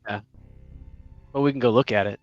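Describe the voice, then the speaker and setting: A man's voice: mid-range voice, a little fast, no echo, muffled recording, soft background music. A man playing a tabletop game in casual chat, cautious and wry. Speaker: player.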